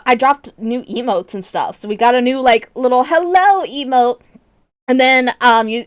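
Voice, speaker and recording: A young adult woman streamer chatting casually with her viewers, expressive and laughing often, with casual swearing. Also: a little high, clear, resonant tone, no room sound, clean studio sound.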